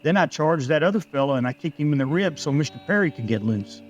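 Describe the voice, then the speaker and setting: A man's voice: fairly high pitch, expressive, fast talker, muffled recording, faint music behind, natural voice. A man voicing a polite, eager young ranch hand in a told story. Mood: proud.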